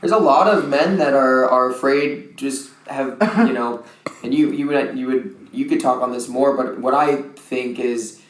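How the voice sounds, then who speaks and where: A man hosts a podcast with a mid-range voice, asking questions in a relaxed, supportive way. He affirms what his guest says often. His voice sounds roomy and echoey. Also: medium pitch, a little slow. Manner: supportive, affirming listener with frequent backchannels. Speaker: podcast host. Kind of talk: casual interview chat. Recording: roomy echo.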